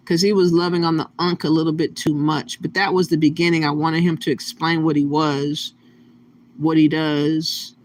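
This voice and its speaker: A man hosts his channel with casual, plain-spoken reaction commentary, his voice a little on the high side. A faint hiss of noise sits under his talk. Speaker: channel host.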